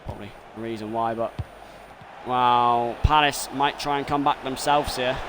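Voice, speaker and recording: A man streaming a football game, commentating live and swinging between muttering and excited shouting. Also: medium pitch, normal speed, slight background noise.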